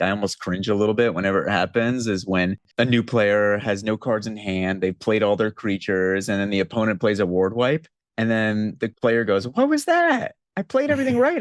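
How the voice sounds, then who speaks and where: A man's voice: on the low side, no room sound. A young man hosting a podcast, chatting casually and laughing a lot, reading items aloud. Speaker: podcast host. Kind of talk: casual chat, reading out card text.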